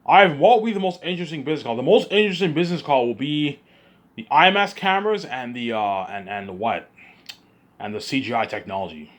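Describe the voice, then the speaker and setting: A man's voice: mid-range voice, quick pace, a bit bright. A man vlogging in a rambling monologue, hyped up and repeating himself as he circles back to the same points.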